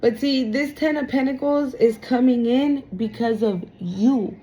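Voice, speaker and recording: A woman's voice: high voice, measured pace, dark tone, rough recording. A woman giving a casual tarot reading to her viewers, blunt and emphatic, swearing freely and calling them y'all. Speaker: tarot reader.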